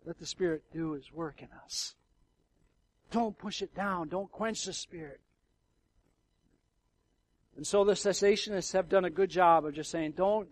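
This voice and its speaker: A middle-aged male pastor preaching a sermon in a conversational way, swinging from hushed, quiet passages to loud, emotional outbursts. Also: high-pitched, low-quality recording. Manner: conversational with fillers and restarts.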